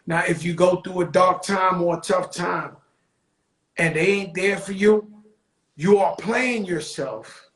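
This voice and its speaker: A man hosting a talk show, telling stories in a loose, profane street-talk style that slows into motivational preaching. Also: sits high, a bit bright. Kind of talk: casual storytelling monologue. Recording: echoey room.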